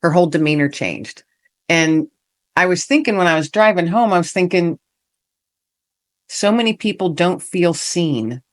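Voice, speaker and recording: A woman's voice: lowish voice, lively intonation, normal speed, pauses often. A middle-aged woman, a podcast guest, telling a personal story in an earnest, heartfelt way and acting out the lines people said. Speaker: podcast guest, author and veteran.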